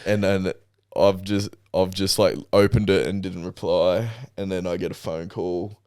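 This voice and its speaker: A man's voice: low-pitched, fairly even intonation, unhurried, a little mellow, smooth, no room sound, clean studio sound. A young Australian man telling stories in a laid-back, swearing way as a podcast co-host. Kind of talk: casual chat.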